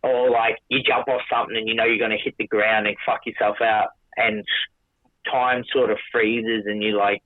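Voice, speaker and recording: A podcast guest with a lowish, level voice tells a long story casually at normal speed, restarting often, swearing, and quoting himself in dialogue. The recording is dry and tinny, like a phone.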